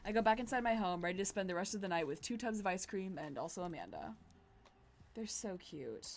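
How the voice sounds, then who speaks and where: A young woman in her twenties streaming a dating game, chatting casually, excitable and giggly, swearing now and then. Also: medium pitch, fairly quick, a little hiss or hum. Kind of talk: casual gameplay commentary.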